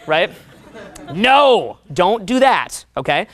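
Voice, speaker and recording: Animated, profane man giving a seminar. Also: high voice, slow pace, a faint crowd. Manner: profane, animated, acts out voices. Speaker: dating coach. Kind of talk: seminar talk.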